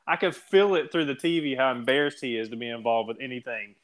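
A man co-hosting a casual wrestling talk show, animated and quick to laugh. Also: medium pitch. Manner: animated, laughs often, repeats words. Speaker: podcast co-host.

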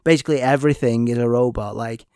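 A man reviewing films in casual chat, with animated, exasperated outbursts and many fillers. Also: medium pitch, fast, smooth, dry recording, studio quality. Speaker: film reviewer.

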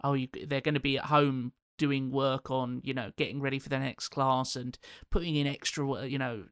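A man's voice: medium pitch, steady tone, moderate pace, fairly bright tone, smooth, no room sound, clean studio sound. A man co-hosting a casual film discussion, talking in a rambling, thinking-aloud way. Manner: rambling, many fillers and restarts.

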